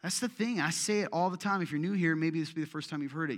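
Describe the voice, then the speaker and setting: A man preaching a sermon as pastor, animated and putting pointed questions straight to the congregation in a church. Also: fairly high pitch, fast, in a large hall. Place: church sanctuary.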